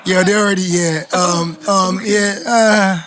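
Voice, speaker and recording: A man's voice: high-pitched, fairly even intonation, a little slow, a loud crowd. A man in his thirties, a singer guest, talking in an easygoing, rambling way during casual interview chat.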